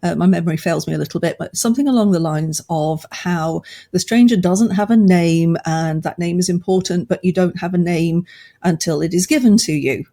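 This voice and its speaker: A woman co-hosting a podcast, explaining things in a measured way. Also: lowish voice, mellow. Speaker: podcast co-host. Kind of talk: casual podcast chat.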